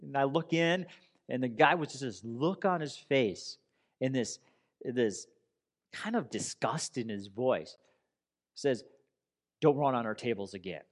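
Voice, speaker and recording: A man's voice: mid-range voice, takes it slowly, pauses often. A man preaching a sermon in an earnest, conversational way, telling a personal story. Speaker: pastor.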